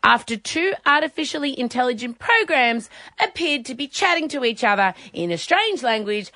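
A woman co-hosting a radio show in casual, excitable, joking banter. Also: high voice, no echo. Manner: excitable, joking, quick to laugh. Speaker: radio host.

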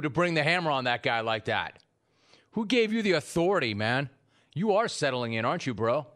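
A man's voice: on the high side, big pitch swings, normal speed, fairly bright tone. A man hosting a sports radio call-in show, ribbing his producer in a teasing, exasperated way. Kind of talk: animated radio talk show banter.

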